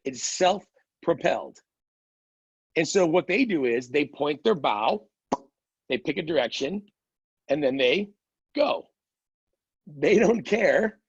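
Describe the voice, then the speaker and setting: A middle-aged man lectures a class in a relaxed, chatty way, slipping into stories and quick asides. His voice sits a little high and slightly husky. The sound is dry and a bit dull. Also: no room sound. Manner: conversational, quick asides and playful quoted voices. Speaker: strengths coach teaching a class. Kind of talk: casual lecture with anecdotes.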